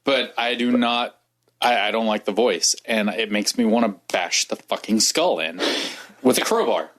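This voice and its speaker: A man with a low voice in a laid-back podcast chat. He speaks haltingly, with plenty of fillers, and says blunt things plainly. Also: lively intonation, a bit bright. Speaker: podcast co-host. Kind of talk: casual chat.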